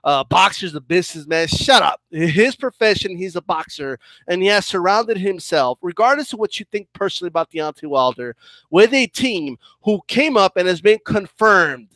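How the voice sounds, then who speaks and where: A man's voice: high-pitched, lively intonation, moderate pace, fairly bright tone, no room sound. A man with a combative, profane style, ranting heatedly as he reacts to a clip in boxing commentary.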